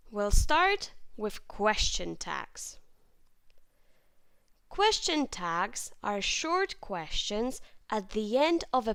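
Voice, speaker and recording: A woman teaching English grammar in a clear, patient way, with lively intonation and plenty of example sentences. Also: a little high, no echo. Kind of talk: grammar lesson.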